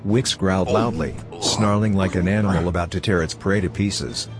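Deep-voiced man narrating an audiobook. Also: normal speed, over music. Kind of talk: scripted narration.

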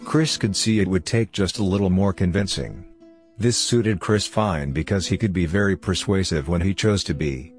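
A man narrating a story in a steady, measured scripted reading. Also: low-pitched, faint music behind. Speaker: audiobook narrator.

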